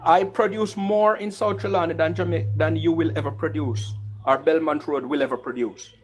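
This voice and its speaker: A man's voice: fairly high pitch, steady tone, moderate pace, poor audio. Firm Jamaican man debating politics. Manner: firm, lists places and facts, talks over interruptions. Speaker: political commentator.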